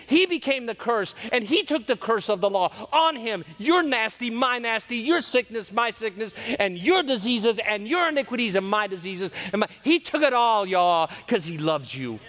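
A man preaching a folksy, joking sermon that swings between loud and soft and drops into character voices. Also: sits high. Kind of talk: lively sermon.

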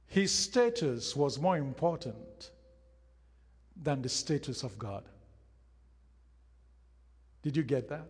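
Slow, husky-voiced preacher in an echoing hall. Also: male voice, mid-range voice, animated, a little mellow. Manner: emphatic preaching with repeated phrases and acted-out quotes. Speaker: pastor. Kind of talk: sermon. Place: church hall. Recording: hall reverb.

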